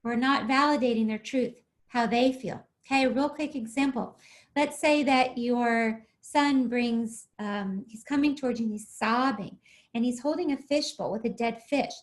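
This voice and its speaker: Woman parenting coach, high-pitched, teacherly, checks in with listeners often. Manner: keeps checking in with listeners with "okay?" and "right?"; acts out parent and child with quick shifts in voice. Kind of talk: explanatory talk on parenting.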